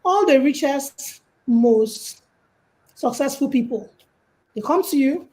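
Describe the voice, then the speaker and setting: A woman's voice: high voice, slow pace, low-quality recording. A Nigerian woman giving casual life and money advice on a call, telling stories and acting out quotes. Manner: lively, storytelling with acted-out quotes. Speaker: guest speaker.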